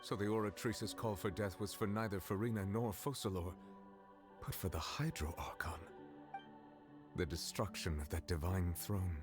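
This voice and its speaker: A man's voice: sits low, music in the background, close to an everyday voice. A man voicing a grave, formal dragon judge. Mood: solemn. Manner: formal, deliberate and solemn. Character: grave male dragon sovereign and judge, solemn. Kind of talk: video game cutscene dialogue.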